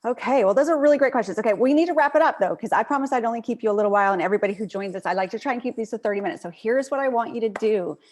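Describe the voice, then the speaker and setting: A woman hosts an interview and speaks quickly in an upbeat, motivational coaching manner. Her pitch sits in the middle range, and she addresses the listeners directly. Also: darkish tone. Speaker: host. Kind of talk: casual video interview chat.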